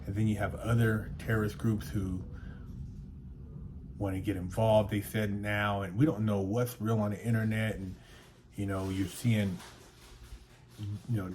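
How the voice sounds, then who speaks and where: A man's voice: little pitch movement, a little slow, slight background noise. A man who hosts a motivational channel, ranting in a casual monologue, blunt and profane, repeating words as he gets worked up. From United States. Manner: blunt, swears freely, repeats words when heated; voice climbs in pitch and loudness when worked up.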